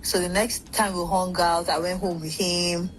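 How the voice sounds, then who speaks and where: A woman's voice: on the low side, little pitch movement, normal speed, noisy background. A woman, a guest telling a long story in a rambling, casual way and acting out what others said. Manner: rambling, acts out quoted speech, swears. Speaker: interview guest.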